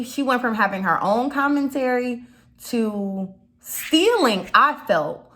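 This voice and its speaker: A young woman with a slight Chicago accent chats through a casual commentary vlog. Her voice is bright and forward, sitting at an average pitch, and she rambles with plenty of fillers and side remarks. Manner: chatty, rambling, lots of fillers and asides. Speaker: YouTube commentator.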